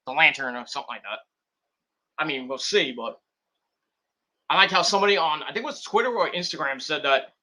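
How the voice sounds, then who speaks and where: A young man hosts a wrestling stream in a voice that sits high with a sharp tone. He rambles through casual commentary, acting out scenes with quick put-on voices.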